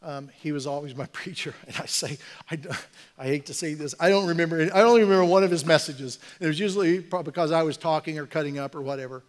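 A man preaching a sermon as pastor in a church, talking earnestly and conversationally, building to forceful exhortation. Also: a little high, fast. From Oklahoma, USA. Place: church sanctuary.

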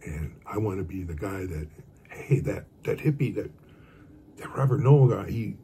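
A man's voice: fairly low pitch, expressive, moderate pace, dark tone, a little hiss or hum. An older man giving a casual guitar lesson, rambling and counting beats aloud as he plays. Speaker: guitar teacher.

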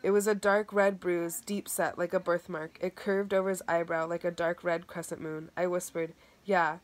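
Woman audiobook reader, first-person narration, steady, lowish pitch. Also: normal speed. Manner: steady reading with occasional word restarts.

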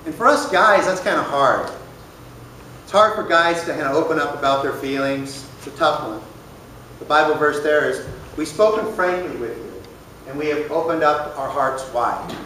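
A man's voice: fairly high pitch, moderate pace, bright, forceful tone, a little hiss or hum. A man casually teaching a church recovery group, plain-spoken, often asking the room questions. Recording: echoey room, voice from far off.

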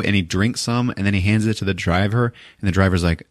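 A man's voice: lowish voice, fast, no room sound, studio quality. A man hosting a podcast, retelling a movie casually with laughter and swearing. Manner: laughing, profane, animated retelling. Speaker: podcast host.

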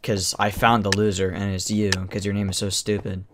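A young gamer casually chatting and teasing a teammate during an online match, breaking into excited yells. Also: sits low, brisk, background noise. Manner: teasing, jokey, bursts of excited yelling. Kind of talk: casual gaming chat.

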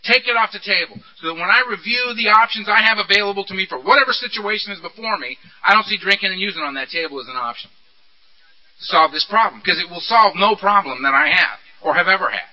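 High-voiced man giving a candid recovery talk. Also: fast. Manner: candid, animated storytelling with rhetorical questions. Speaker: recovery meeting speaker. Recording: dull lo-fi recording.

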